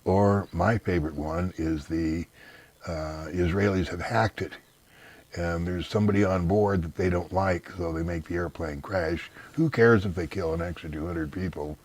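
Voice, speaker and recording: In a casual interview, a male guest answers bluntly and dismissively, drifting into long, rambling explanations. He speaks at a moderate pace in a low, slightly mellow voice with a steady tone.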